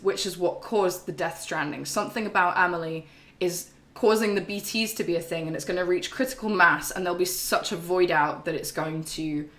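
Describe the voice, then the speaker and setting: A woman's voice: fairly low pitch, fairly bright tone, roomy sound. A young woman streaming a game and recapping its story in a casual, chatty, sweary way. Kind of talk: casual chat.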